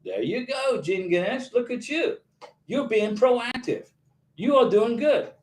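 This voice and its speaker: A man's voice: very high-pitched, lively intonation, a little slow. A man hosting a casual livestream, reading viewer questions aloud and answering them in an emphatic, encouraging way. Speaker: YouTube channel host answering viewer questions. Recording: echoey room.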